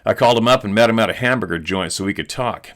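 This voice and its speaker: A male host reading a listener's eyewitness letter aloud in an earnest, steady storytelling manner. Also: fairly low pitch, fast talker.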